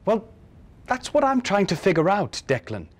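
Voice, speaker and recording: A man reading a story, voicing a patient, formal male schoolteacher who speaks calmly and carefully. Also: high-pitched, moderate pace, exaggerated voice. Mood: earnest. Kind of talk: dramatic reading of a short story.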